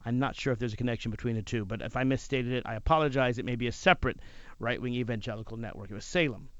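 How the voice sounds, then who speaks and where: A man who hosts talk radio, telling a personal story in an animated way. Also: mid-range voice, very fast, dry recording, lo-fi sound. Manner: animated, acts out other people's lines.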